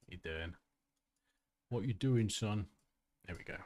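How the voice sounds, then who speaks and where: A man's voice: on the low side, measured pace, darkish tone, slight background noise. A man hosting a casual design tutorial livestream, chatty and self-mocking, who laughs often and reads chat comments aloud.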